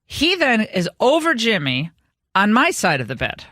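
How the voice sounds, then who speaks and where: A woman's voice: medium pitch, huge pitch swings, moderate pace, bright, forceful tone, no room sound, studio quality. A middle-aged woman hosting a radio talk show, telling a story in a chatty way with many restarts. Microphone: studio microphone.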